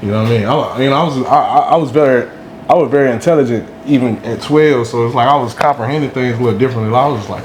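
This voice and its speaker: A man's voice: medium pitch, racing. A man talks in a rambling, casual way, leaning on slang and "you know what I'm saying". His voice sits in an ordinary middle register. The room gives it a noticeable echo, with a faint hum underneath. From Durham, North Carolina. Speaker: podcast guest. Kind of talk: casual storytelling.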